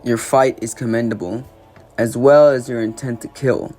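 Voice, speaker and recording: A man voicing a towering male alien warlord who talks in a slow, measured, lecturing way. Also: mid-range voice, steady tone, a little mellow, faint music behind, natural voice.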